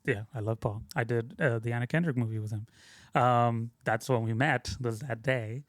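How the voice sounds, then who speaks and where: A man's voice: mid-range voice, steady tone, normal speed, dry recording, studio quality. A young adult man telling stories about his career in casual interview talk, loose and rambling, with lots of fillers and restarts. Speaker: guest, film sound mixer.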